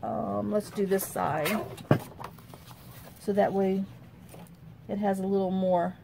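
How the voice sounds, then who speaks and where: This crafting channel host walks through a relaxed tutorial, speaking slowly with vocal fry at an even, mid-range pitch. Her talk wanders as she thinks out loud, frequently dropping to a quiet mutter while she works, and a slight hiss lingers in the background.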